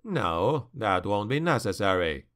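A man voicing a cunning male dark elf noble in a fantasy audiobook, calm, even and persuasive. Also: lowish voice, unhurried, clear, resonant tone, pitched below the performer's own voice.

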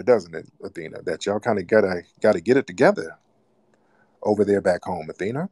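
A man's voice: deep voice, expressive, fairly quick, darkish tone. A man hosting a live call-in broadcast, mocking and scolding a caller. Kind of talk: casual call-in radio talk.

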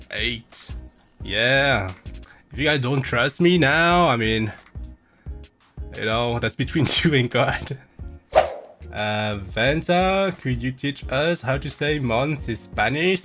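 A young man streams from a home setup into a desk mic, pretending to be someone else. His voice is bright and forward, and he speaks at a slow, loose pace. He reads chat questions aloud and answers with goofy jokes. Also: mid-range voice, lively intonation, faint music behind. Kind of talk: playful live-stream chat, impersonating another streamer.

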